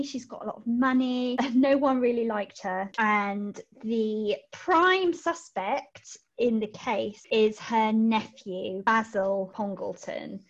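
A woman co-hosting a book podcast in casual chat, animated and giggly, often restarting her sentences. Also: medium pitch. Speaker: podcast co-host. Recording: lo-fi dull audio.

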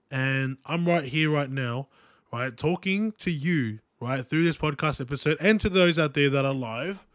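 A man's voice: a little high, dry recording, clean studio sound. A young Australian man hosting a podcast, telling a personal story in an earnest, rambling way, often checking in with his listeners. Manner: earnest, repetitive, with frequent "right?" and "guys" asides. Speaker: podcast host. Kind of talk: casual motivational monologue.

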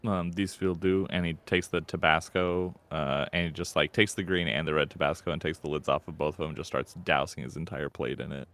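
A deep-voiced man playing his character in a tabletop game. He answers in short, terse lines and moves on without elaborating. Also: fairly even intonation, a little fast, hardly any pauses, fairly bright tone. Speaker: guest player.

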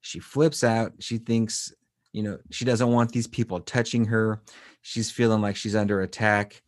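Low-voiced man in casual podcast chat. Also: level tone, a little slow, dry recording, studio quality. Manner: rambling, with many fillers and restarts. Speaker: podcast co-host. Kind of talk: casual chat recapping an anime episode.

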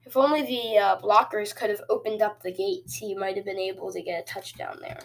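A woman hosting casual video game commentary, excitable and jokey, with sudden cheers and quiet asides. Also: mid-range voice, a little fast, vocal fry, slight background noise. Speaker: host.

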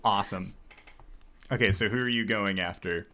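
A man narrating a tabletop role-playing game as game master, with a relaxed manner and frequent fillers. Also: on the low side, moderate pace.

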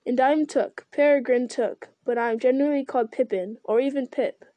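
A gentle young male hobbit from a storybook, speaking plainly, as voiced by a woman reader. Her voice is mellow and fairly high, with a dry sound. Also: moderate pace, dry recording, close to an everyday voice. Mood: friendly.

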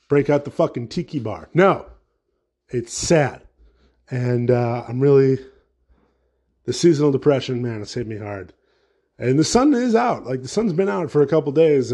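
A man hosting a solo podcast rants about whatever comes to mind. He swears freely, wanders off topic and turns sarcastic. His voice has a warm, mellow tone at a middle pitch. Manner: rambling, profane, sarcastic. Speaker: podcast host. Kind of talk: casual solo podcast rant.

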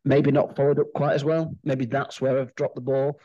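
A man's voice: medium pitch, level tone, moderate pace, dark tone, no echo, dull audio. A man co-hosting a podcast, chatting casually and briefly about sport. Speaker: podcast co-host. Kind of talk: casual chat.

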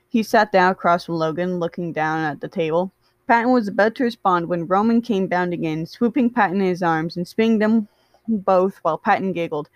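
A woman's voice: on the low side, a little fast, dry recording. A woman reading fan fiction aloud. She stumbles over words, corrects herself, and adds chatty asides. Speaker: story reader.

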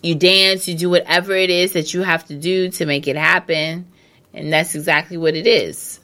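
A woman's voice: lowish voice, fairly even intonation, moderate pace, pushed and bright. A woman hosting a casual advice monologue, blunt and emphatic, swearing and repeating herself, hiccuping. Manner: emphatic, repetitive, blunt with profanity.

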